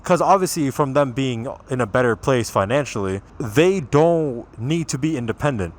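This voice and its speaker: A young man with a Toronto accent talks straight to his viewers in a loose, rambling rant. He swears freely and speaks bluntly at an ordinary, middling pitch. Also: lively intonation, normal speed. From Canada. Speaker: vlogger. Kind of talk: casual rant to camera.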